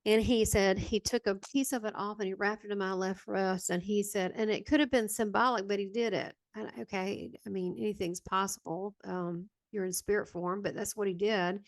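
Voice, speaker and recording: A woman's voice: mid-range voice, steady tone, moderate pace, few pauses, no echo. A woman with a Southern American accent, a guest medium recounting a personal near-death story in a meandering, hesitant way with many fillers. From Southern United States.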